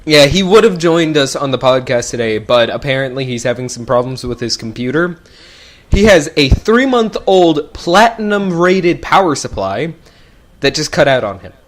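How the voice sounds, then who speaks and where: A man's voice: a little high, big pitch swings, normal speed. A young man hosting a casual gaming podcast, rambling and laughing as he goes. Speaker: podcast host. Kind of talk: casual chat.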